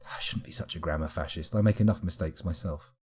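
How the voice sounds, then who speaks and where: A man's voice: sits low, fast, darkish tone, slightly rough. A man giving live, casual commentary while streaming a game, rambling along with wry asides.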